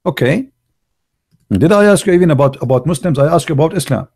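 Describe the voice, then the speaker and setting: A man delivers a blunt online monologue. His voice is gravelly and dark, with a mellow tone. He speaks in broken, English and presses his points with rhetorical questions. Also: a little high, expressive, fast talker. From Arab world. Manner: broken, non-native grammar. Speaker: online show host. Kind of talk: opinionated livestream monologue.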